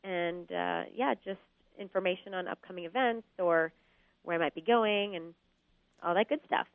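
A woman's voice: on the low side, normal speed, creaky, dry recording. A woman calling in as a guest, chatting casually and thinking aloud with many ums and uhs. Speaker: guest on the phone. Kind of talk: casual interview chat. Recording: tinny phone line.

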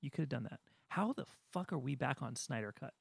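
A man co-hosting a casual podcast chat, ranting with animated energy and mocking studio executives in voiced asides. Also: mid-range voice, brisk, vocal fry, husky. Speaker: podcast co-host.

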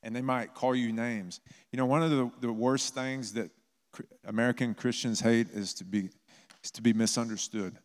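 A man's voice: medium pitch, fairly even intonation, normal speed. A man preaching a sermon as a pastor, telling stories in a conversational way. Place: church. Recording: long reverb of a church hall.

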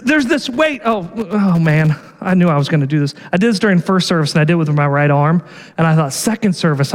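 Man, very high pitch, pastor's sermon, chatty, keeps asking "right?", echoing hall. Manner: conversational, frequent "right?" and repeated "and, and".

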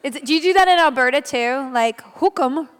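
A woman from Texas answers questions on a convention panel, bubbly and self-mocking. Her voice is high and bright in pitch. The sound carries a long echo from a large theater. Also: fast. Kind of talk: casual panel Q&A. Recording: echoey hall.

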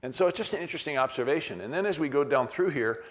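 A man's voice: on the high side, expressive, rapid-fire. Middle-aged guy teaching a bible class, chatty, keeps restarting and reading passages out. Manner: conversational, many restarts, walks through verses aloud.

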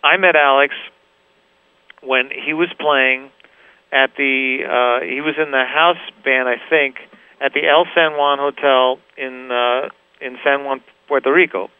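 A man's voice: mid-range voice, fairly even intonation, measured pace, clear, resonant tone, no echo. A male guitarist, the interview guest, chatting casually and rambling a little, with lots of "you know" and restarts. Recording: tinny phone line.

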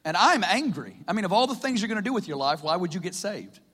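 Man, preacher, personal testimony, storytelling, laughs a lot, slightly high voice, long hall echo. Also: very animated, fast talker, fairly bright tone, breathy edge. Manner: chatty storyteller, laughs often, acts out quotes. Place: stage in a hall.

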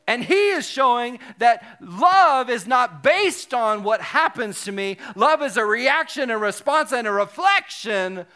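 A male pastor giving a sermon, animated and joking, with self-deprecating asides. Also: very high-pitched, a little slow, hardly any pauses.

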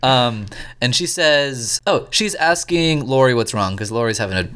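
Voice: medium pitch, moderate pace, clear, resonant tone. A co-host chatting casually and enthusiastically about favorite film characters. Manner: animated, enthusiastic. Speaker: podcast co-host. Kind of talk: casual podcast chat.

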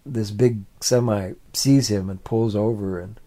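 Mellow-voiced man telling a story. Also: lowish voice, a little slow. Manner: repetitive, building phrases. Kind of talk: oral storytelling.

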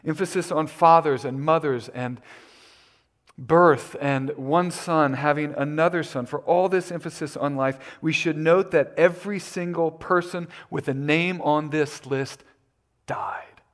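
A man preaching a sermon as pastor, deliberate and emphatic, his voice lifting when he makes a point. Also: on the high side.

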